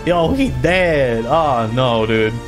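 A man giving casual, profane, excitable commentary while playing a video game. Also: mid-range voice, slow pace, over music. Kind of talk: casual let's-play commentary. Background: game soundtrack and sound effects.

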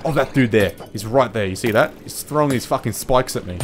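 A gaming video host plays through a let's play, excitable and panicky and swearing often. His mid-range voice is fast with few pauses, over a noisy background of game music and water sounds.

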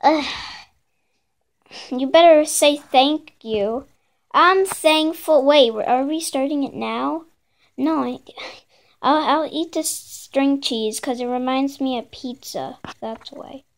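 Woman, very high voice, slow unhurried delivery, playful toy skit, bickering banter. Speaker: plush puppeteer voicing all toys.

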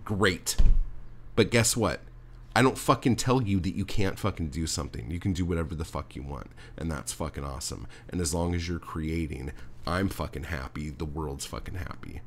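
A man's voice: very deep voice, normal speed, a little hiss or hum. A man hosting a podcast, ranting heatedly with constant swearing and talking straight to the listener. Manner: talks directly to listener, "dude". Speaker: podcast host. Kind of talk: profane ranting monologue.

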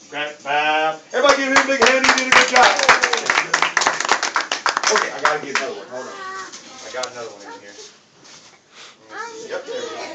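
A man teaching children as a martial arts instructor at a belt test, playful and encouraging, talking simply to kids in a studio. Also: a little high. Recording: echoey room from far away with music.

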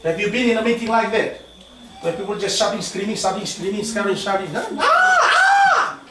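Male preacher, high voice, animated sermon delivery, recorded from a distance in a very echoey church hall with faint ambience. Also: fast talker, background noise. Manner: animated preaching, mixes in local language, asks "amen?" often.

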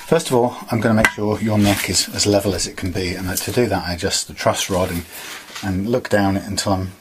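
A man's voice: deep voice, brisk, background noise. A man casually talking through guitar fret work in a workshop, rambling with many fillers as he explains each step. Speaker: guitar repairer.

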